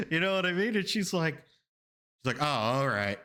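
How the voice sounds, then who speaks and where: A bright, forceful man from Florida telling a story to his stream chat. He repeats phrases and rambles. He leaps into high, loud voices when he quotes the people in his stories. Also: measured pace, long pauses. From Florida, USA. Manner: animated, rambling, repeats himself, laughs often. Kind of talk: casual storytelling to a live chat.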